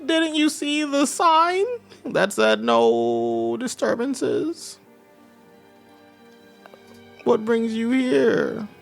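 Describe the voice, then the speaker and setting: A man voicing a crotchety old bearded man with a cane, in a high, quavering, slow voice. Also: wildly swooping pitch, vocal fry, soft background music, full character voice. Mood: grumpy.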